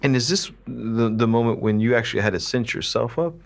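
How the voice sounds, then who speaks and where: A man's voice: mid-range voice, brisk, gravelly. A man hosting a podcast, asking curious, casual follow-up questions. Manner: curious, prompting follow-ups. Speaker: podcast host, interviewer.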